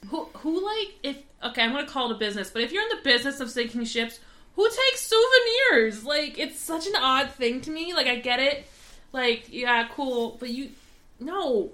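A woman's voice: high voice, sing-song, normal speed, bright, forceful tone. A woman co-hosting a podcast, chatting about a film with sarcastic incredulity. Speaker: podcast co-host. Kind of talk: casual movie recap chat.

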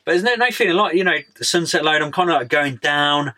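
Chatty man, bright voice. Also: fairly high pitch, animated, quick pace. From United Kingdom. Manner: chatty, says "mate" and "like" a lot, laid-back slang. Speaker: podcast guest. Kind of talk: casual interview chat.

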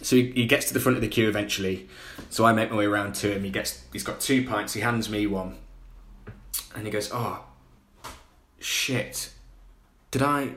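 Animated man telling a story. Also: on the low side, fast. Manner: animated storyteller, acting out other people's voices. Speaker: podcast guest. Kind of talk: casual anecdote telling.

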